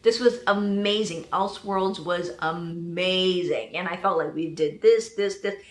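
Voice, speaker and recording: A woman giving an excited reaction review of a TV episode, gushing and thinking out loud as she goes. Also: on the low side, a little slow, echoey room.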